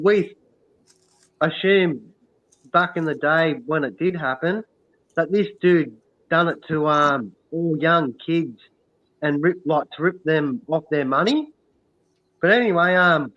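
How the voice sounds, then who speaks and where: A man's voice: on the high side, expressive, takes it slowly, a bit bright. An Australian man telling a long casual story, full of "um" and "right?" asides. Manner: rambling, many "um" and "right?". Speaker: stream co-host. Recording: dull lo-fi sound.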